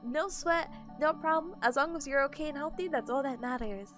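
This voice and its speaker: Giggly high-voiced woman streamer. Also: brisk, music in the background. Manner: giggly, chatty, greets chat warmly and often. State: sleepy. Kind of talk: casual live-stream chat with viewers.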